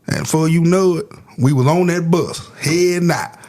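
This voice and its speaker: A man casually telling an animated, slangy, boastful story about his past. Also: on the high side, normal speed.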